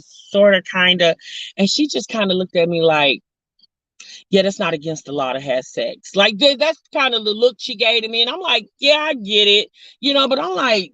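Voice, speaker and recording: A woman vlogger telling a story to her viewers in a sassy, drawling, animated way, calling them honey and girl. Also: medium pitch, dry recording, dull audio. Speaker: vlog host.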